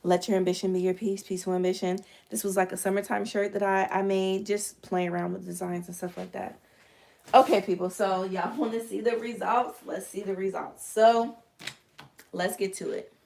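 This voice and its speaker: A woman speaks in a mid-range, level voice that's gravelly and a little mellow, at a moderate pace. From her living room she hosts a casual live stream, chatting with viewers and explaining how she makes merch step by step.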